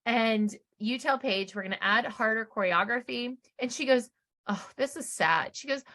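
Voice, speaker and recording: A woman's voice: a little high, normal speed. A middle-aged woman co-hosting a podcast, chatting casually and acting out quotes as she recaps. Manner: animated storyteller, acts out quotes. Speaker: podcast co-host.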